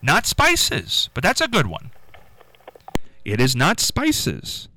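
A man hosting a live radio call-in quiz, with an upbeat, sing-song way of answering callers and a throat going hoarse. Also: fairly high pitch, slow pace, slight background noise, low-quality recording. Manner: lively, upbeat, sing-song when rejecting guesses. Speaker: radio call-in show host. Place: radio studio.

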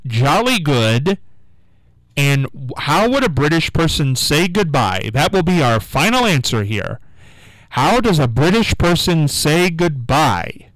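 A man hosting a call-in radio quiz show, coaxing callers with repeated questions and reading out the phone number slowly. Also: fairly high pitch, fairly bright tone, no room sound, low-quality recording. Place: radio studio.

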